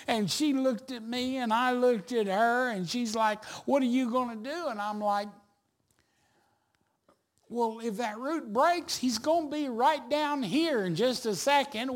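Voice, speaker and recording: A man preaching a sermon, telling a folksy story and building to loud emphatic points. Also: high voice. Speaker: pastor.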